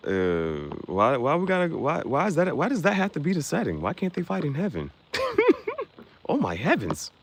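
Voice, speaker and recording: A man's voice: fairly high pitch, huge pitch swings, moderate pace, slight background noise. A young man hosting a casual livestream, joking and reacting to viewers' comments with frequent laughter. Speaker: livestream host.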